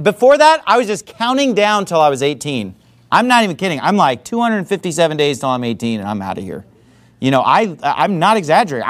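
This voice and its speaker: Animated man preaching a sermon. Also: high-pitched. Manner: conversational, animated storytelling with frequent asides. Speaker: pastor.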